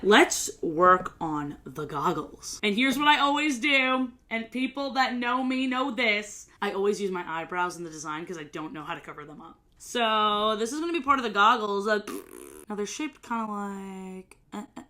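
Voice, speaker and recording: A woman's voice: medium pitch, expressive, bright, forceful tone. A woman in her twenties chatting casually and joking while she does cosplay makeup. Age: 20s. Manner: chatty, joking, quick asides. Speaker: cosplay vlogger.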